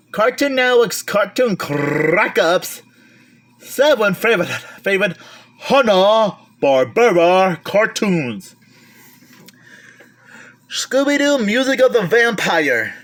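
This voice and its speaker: In a high, fairly bright male voice, a collector vlogger gives a casual show-and-tell of his home media collection. He names the titles one at a time, with conversational asides and self-corrections.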